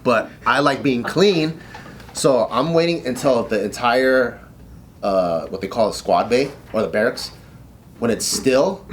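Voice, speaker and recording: A man in his thirties swaps stories on a casual podcast, cursing freely. He breaks into laughter and acts out gruff shouted lines. There is a faint hum of room noise behind him. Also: on the low side, normal speed. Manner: profane, laughing storyteller acting out drill instructors. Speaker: podcast co-host telling a story. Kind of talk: casual chat.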